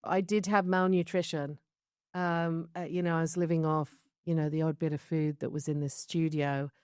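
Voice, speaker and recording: A woman's voice: low-pitched, little pitch movement, normal speed, a little mellow, smooth, dry recording, studio quality. A British woman from London, recounting her life story in a candid interview, chatty and reflective with laughs between stories. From London, England. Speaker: show creator being interviewed.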